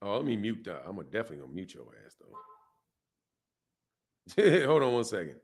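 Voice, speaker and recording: With a husky, lowish voice that swings widely in pitch, this older Omaha retiree talks quickly on his casual boxing stream. Slang-heavy and easygoing, he laughs a lot and answers viewers in chat.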